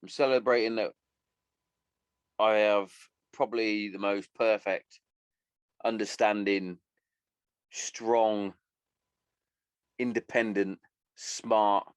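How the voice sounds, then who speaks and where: A man's voice: lowish voice, steady tone, slow, long pauses, smooth, dry recording. A man in his thirties hosting a solo podcast, rambling and swearing casually as he chats. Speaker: podcast host.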